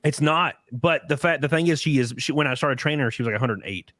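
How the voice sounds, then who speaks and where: A man hosting a podcast in casual chat, telling profane, animated stories with acted quotes. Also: mid-range voice, quick pace, no echo, studio quality. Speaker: podcast host.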